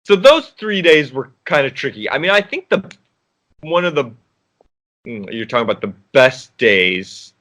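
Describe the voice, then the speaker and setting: A man's voice: medium pitch, sing-song, normal speed, a bit bright. A man, an actor guest, chatting casually in an interview, rambling with restarts and frequent laughs.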